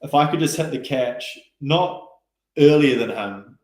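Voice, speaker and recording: A man telling stories casually in an interview, relaxed and chatty, with lots of fillers and quoted asides. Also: medium pitch, unhurried. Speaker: guest rower. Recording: roomy echo.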